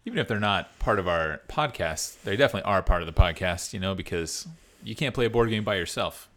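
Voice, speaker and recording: A man's voice: deep voice, lively intonation, quick pace, a bit bright. A young man co-hosting a casual board game podcast, playful and teasing. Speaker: podcast co-host.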